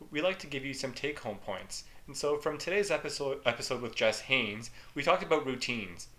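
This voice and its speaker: A man's voice: medium pitch, a bit bright. A man hosting a family health podcast, encouraging and reading out closing take-home points. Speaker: podcast host. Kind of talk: podcast hosting and interviewing a child.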